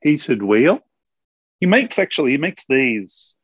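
A man's voice: fairly high pitch, sing-song, slow, fairly bright tone, slightly rough, no room sound, lo-fi sound. A man in his forties from Australia with an Australian accent, chatting casually and self-deprecatingly as a podcast guest. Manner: rambling, self-deprecating, laughs often. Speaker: guest musician.

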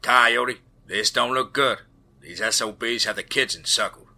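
A man voicing a tough male helicopter pilot speaking loud, clipped radio calls in a story. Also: mid-range voice, unhurried, creaky, heavily acted. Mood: terse.

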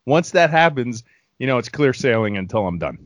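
Forties male co-host, rambling and lively, tight dry mic. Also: medium pitch, a little fast, no room sound. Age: 40s. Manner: rambling, repeats words when earnest. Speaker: podcast co-host. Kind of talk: casual sports chat.

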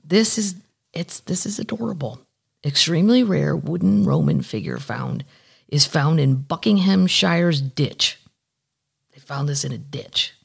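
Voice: medium pitch, wildly swooping pitch, measured pace, gravelly, breathy edge. A podcast host chatting casually and candidly with frequent swearing, reading news items aloud and adding asides. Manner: candid, profane, rambling. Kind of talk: casual chat.

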